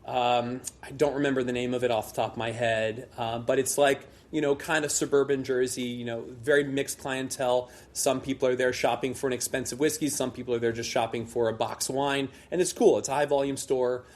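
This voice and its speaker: A man's voice: mid-range voice, steady tone, a little fast, hardly any pauses, a little mellow. A man, middle-aged, a guest telling a long self-deprecating story in a rambling casual way with many restarts. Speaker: guest, liqueur brand founder.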